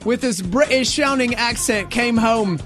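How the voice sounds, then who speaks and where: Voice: medium pitch, a little slow, a bit bright, faint music behind. A talk-show co-host in casual banter who speaks animatedly and laughs often.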